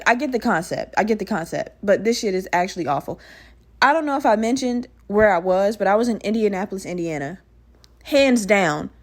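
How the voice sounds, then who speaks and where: Profane, animated woman telling her story. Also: mid-range voice. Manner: blunt, profane, animated retelling with laughs. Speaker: podcast host. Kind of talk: casual storytelling monologue.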